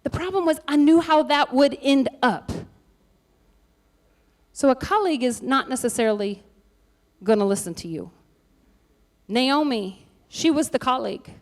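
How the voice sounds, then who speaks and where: Woman pastor, high-voiced, casual and lively delivery with quips. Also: measured pace, long pauses. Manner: lively, conversational, joking asides. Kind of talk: sermon.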